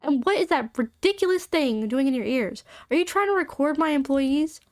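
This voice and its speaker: A cold, imperious boss woman who scolds and talks down to people, played by a woman reading aloud. Her voice is high and sharp-edged, and the recording is dry and close. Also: lively intonation, moderate pace, no echo. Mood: scolding. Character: cold, haughty woman who runs the mine.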